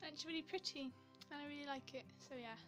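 A woman's voice: high voice, fast talker, pushed and bright, faint music behind. A young Welsh woman chatting casually to camera about her makeup, rambling and giggling, a little out of breath. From Wales. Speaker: beauty vlogger.

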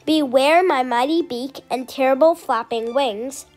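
A woman voicing a small, brave female chicken who talks back to a dinosaur in a quick, plucky, defiant way. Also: sits high, a little mellow, faint music behind.

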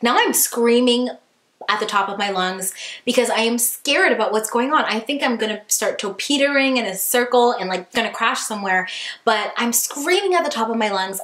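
A woman vlogger tells a dramatic story with lively, animated delivery. Her voice sits at a medium pitch. The room sounds echoey and roomy. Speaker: beauty vlogger. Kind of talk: storytime vlog. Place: indoors at home.

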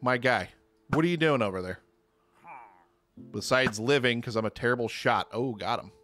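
A mid-pitched man talks through his gameplay in a loose, excitable running commentary. He jokes and laughs at himself as he plays, with faint music behind him. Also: normal speed. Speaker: gaming channel host. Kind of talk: casual let's-play commentary.

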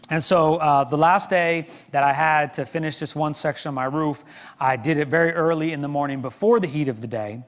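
A middle-aged man preaches from the pulpit, spinning a story with self-deprecating humor. His voice sits a little high for a man. A long church reverb trails his words. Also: fairly quick. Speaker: pastor. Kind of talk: sermon. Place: church sanctuary.

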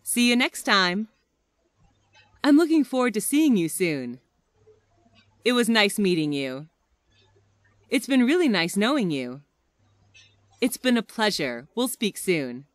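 A woman slowly reading everyday English phrases one at a time for learners, with a deliberate teaching delivery. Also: medium pitch, sing-song, no room sound.

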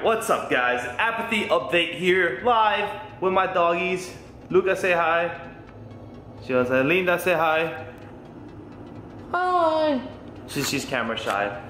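A young man talks in a loose, excitable vlog style, rambling from one thing to the next and swearing freely. His voice sits a little high for a man. The sound bounces around an echoey room at home. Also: a little hiss or hum. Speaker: gaming YouTuber. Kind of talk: casual vlog update.

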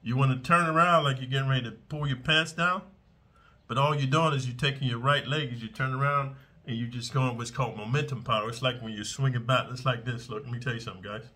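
A husky man with a bright, cutting edge talks to camera in raw, profane street slang. He is blunt and swaggering, drops "man" and "dude" constantly, and punctuates his points with shouted strike sounds. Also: medium pitch, steady tone, fast. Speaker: ex-convict giving prison survival advice. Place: in Manila.

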